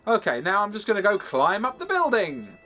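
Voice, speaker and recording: A man reviewing a game from his home games room, swearing freely and sounding exasperated. His pitch swings widely as he rants, and his delivery is animated and full of mock outrage. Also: fairly quick. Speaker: gaming video host. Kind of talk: ranting game review over gameplay.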